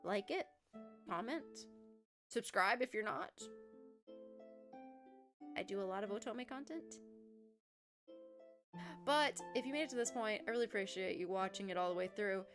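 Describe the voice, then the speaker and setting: A woman's voice: medium pitch, normal speed, pauses often. A young adult woman streamer chatting animatedly and laughing at herself as she wraps up her stream. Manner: animated, self-deprecating. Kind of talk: casual stream outro. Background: faint music.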